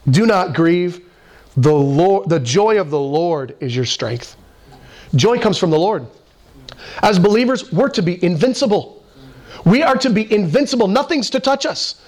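A man preaching a sermon, animated, swinging his voice up for emphasis and acting out quoted voices. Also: sits high. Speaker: pastor.

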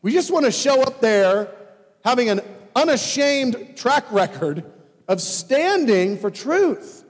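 A man preaching a sermon as pastor, animated and swinging between loud emphasis and hushed asides. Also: extremely high pitch, takes it slowly. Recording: long hall reverb.

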